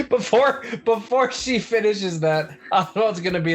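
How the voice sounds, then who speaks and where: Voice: mid-range voice, expressive, unhurried, over music. A player in a tabletop role-play game, laughing and joking at their own bad rolls. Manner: laughing, self-mocking.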